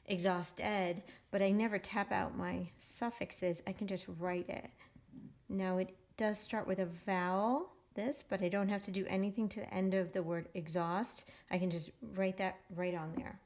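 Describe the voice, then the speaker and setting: A woman teaching a phonics lesson to young children, sounding out each syllable slowly and patiently. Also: mid-range voice, steady tone, darkish tone.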